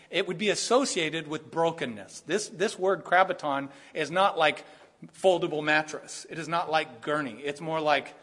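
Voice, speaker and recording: A man preaching a sermon, animated and acting out the lines he quotes. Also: on the high side, breathy edge. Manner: animated, acts out quoted voices, rising to bursts of emphasis. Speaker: pastor.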